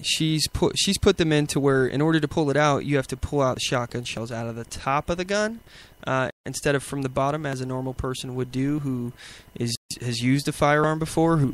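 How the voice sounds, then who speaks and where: A man hosting a talk show, giving indignant, rambling commentary on video clips with many fillers and restarts. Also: medium pitch. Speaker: podcast host.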